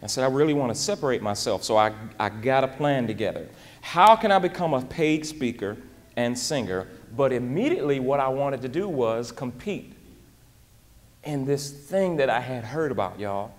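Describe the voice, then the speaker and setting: A man giving a live motivational talk in an animated, folksy way, often dropping in casual asides to the crowd. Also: medium pitch, normal speed, long reverb tail. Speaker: motivational speaker and singer.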